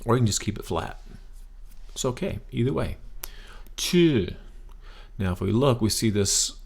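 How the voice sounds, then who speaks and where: Brief: low-pitched male teacher, patient, repeats each word slowly for the learner. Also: gravelly. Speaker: language teacher. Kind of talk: casual spoken lesson.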